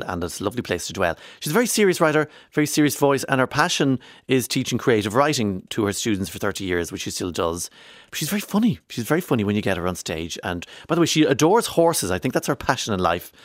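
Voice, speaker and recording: A low-voiced Irish man hosting a radio show, chatting away in a loose, rambling way with playful asides. The sound is dry and close, straight into a studio microphone. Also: no echo. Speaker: radio presenter. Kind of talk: casual radio chat.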